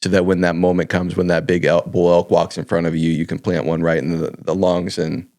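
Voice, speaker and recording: A man co-hosting a faith podcast, relaxed and agreeable, often answering with short affirmations. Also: sits low, a little fast, dry recording, clean studio sound. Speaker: podcast co-host. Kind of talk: casual faith podcast chat.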